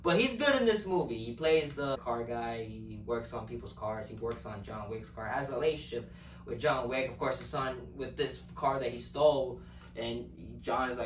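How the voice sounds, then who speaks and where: A man's voice: medium pitch, moderate pace, slight background noise. A man giving a casual movie review, rambling and swearing, often repeating words while he searches for the phrase. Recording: echoey room from a distance.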